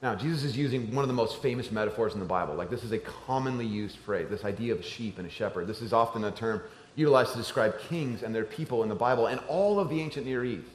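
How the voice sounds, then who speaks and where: A man preaching a sermon to a church crowd, talking like a conversation and moving between hushed and emphatic passages. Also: medium pitch, quick pace. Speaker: pastor. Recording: roomy church echo.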